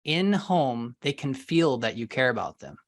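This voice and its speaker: A man with a mid-range voice answers as a sales trainer on a video call. He sounds animated and leans hard on key words. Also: medium pitch, unhurried. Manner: animated and emphatic, stressing words for effect. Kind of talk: interview answers.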